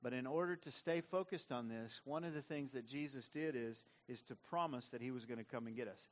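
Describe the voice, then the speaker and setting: A pastor preaches a sermon conversationally, frequently repeating words. His voice is mid-range and a little fast.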